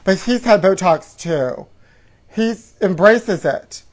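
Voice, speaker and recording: A man's voice: high voice, lively intonation, takes it slowly. Sassy gossiping man reading tabloids. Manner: sassy, gossipy, calls the listener honey. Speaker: comedy show host. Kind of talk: campy comedic reading of tabloid headlines.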